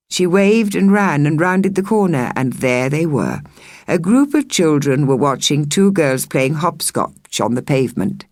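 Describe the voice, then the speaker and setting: Slow, expressive woman narrating a storybook. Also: deep voice, no echo, studio quality. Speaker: audiobook narrator. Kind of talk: scripted narration.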